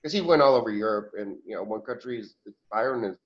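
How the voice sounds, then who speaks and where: A man speaking as a channeled higher self in a question-and-answer session, rambling with restarts and chuckles. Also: expressive, fast talker, dull audio.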